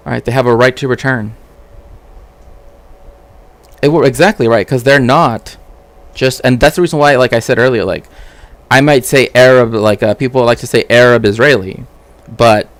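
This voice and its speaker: A man's voice: medium pitch, no room sound. A man streaming casual commentary as a cultural historian, rambling with frequent "right?" tags and restarts.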